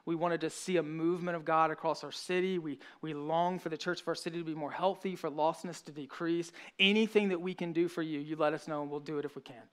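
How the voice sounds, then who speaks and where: A man's voice: fairly high pitch, steady tone, fast talker, few pauses, a bit bright, clear, resonant tone. A man in his thirties, a pastor, preaching a sermon in an earnest, conversational way with frequent restarts.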